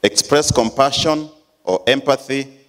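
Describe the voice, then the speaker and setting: A man's voice: mid-range voice, unhurried, a bit bright. A man with a Kenyan accent, a church elder preaching a sermon with emphatic storytelling.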